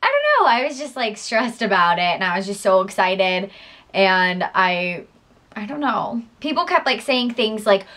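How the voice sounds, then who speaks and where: A woman's voice: mid-range voice, big pitch swings, normal speed, a bit bright. Gushing young woman vlogger. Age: young adult. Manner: chatty, gushing, giggly. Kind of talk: casual storytelling to camera.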